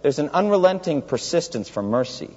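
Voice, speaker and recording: A man's voice: on the high side, big pitch swings, fairly quick, a little mellow. A man preaching an expository sermon in a church sanctuary, emphatic and putting rhetorical questions to the congregation. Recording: long hall reverb, dull lo-fi sound.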